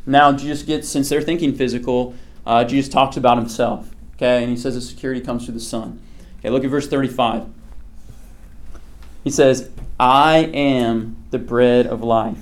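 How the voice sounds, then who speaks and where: A man's voice: medium pitch, fairly even intonation, brisk. A man leading a casual Bible study class. He keeps checking in with "okay" and "right" and puts questions to the group. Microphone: slides or screen presentation with a pointer.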